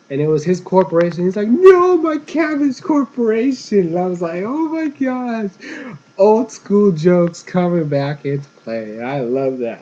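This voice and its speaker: A man's voice: mid-range voice, a little mellow, slight background noise. A young man giving a casual, meandering spoken recap of a cartoon episode as a reviewer. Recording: dull lo-fi home recording.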